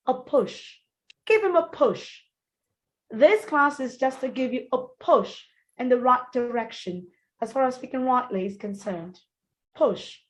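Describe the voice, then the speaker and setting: Woman diction teacher, fairly high voice, slow and deliberate drilling of words. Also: very animated, rough recording. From Nigeria. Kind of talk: online pronunciation class.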